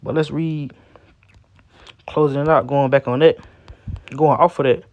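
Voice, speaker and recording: A man giving an informal scripture teaching in street slang, ending nearly every phrase with "man" and reading verses slowly. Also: fairly high pitch, fairly even intonation, no echo, phone-quality sound. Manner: reads verses slowly and deliberately.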